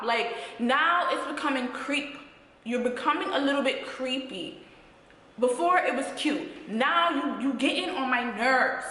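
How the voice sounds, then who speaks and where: Sassy high Jamaican woman, echoey room. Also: a little slow. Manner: sassy, animated storytelling. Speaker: vlogger. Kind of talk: casual storytime. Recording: very echoey room, long reverb.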